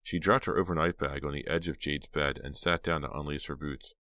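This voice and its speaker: Very deep-voiced male audiobook narrator. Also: steady tone, sharp tone, dry recording, studio quality. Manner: measured storytelling. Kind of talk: scripted narration.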